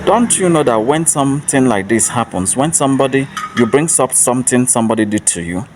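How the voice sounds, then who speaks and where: A man's voice: mid-range voice, expressive, brisk, over music. A man giving an earnest motivational monologue as a self-help speaker, repeating rhetorical questions. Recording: distant mic with faint traffic noise.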